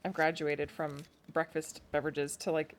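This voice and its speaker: Speaking at normal speed, this woman has a low voice and a level tone, with slight background noise. It's a casual podcast chat she co-hosts from home at night, kids asleep close by, and she's chatty, laughs a lot and jokes at her own expense.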